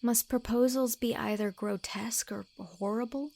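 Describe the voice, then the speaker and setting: A woman narrating a classic novel as an audiobook, reading in an expressive, measured storytelling manner. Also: fairly high pitch, gravelly. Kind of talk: scripted narration.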